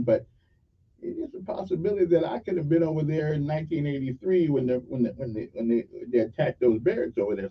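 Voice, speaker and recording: High-voiced rambling radio host. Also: male voice, husky. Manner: rambling, joking asides, folksy. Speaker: radio talk show host. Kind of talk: casual morning radio shout-outs. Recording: dull sound from a distance.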